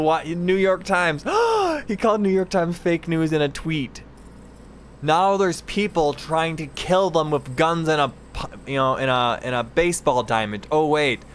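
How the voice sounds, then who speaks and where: A man's voice: fairly high pitch, a little hiss or hum. A man ranting incredulously and sarcastically while reacting to news clips, exasperated and mocking.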